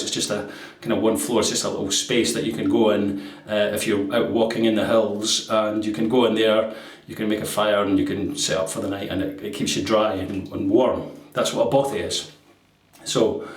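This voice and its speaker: A man hosting a shaving video, chatting casually to the camera and laughing at his own jokes. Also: mid-range voice. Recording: roomy sound from a distance.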